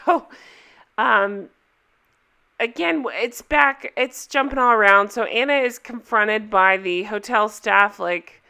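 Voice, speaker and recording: A woman chatting casually as she recaps a TV episode, rambling and correcting herself, dropping into quick voices for the characters. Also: medium pitch, sharp tone, smooth. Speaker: TV show reviewer.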